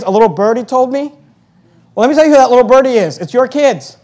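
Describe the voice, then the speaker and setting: High-voiced pastor, animated preaching. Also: male voice, fast. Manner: animated storytelling, acting out quoted voices, swings between loud and hushed. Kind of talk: sermon.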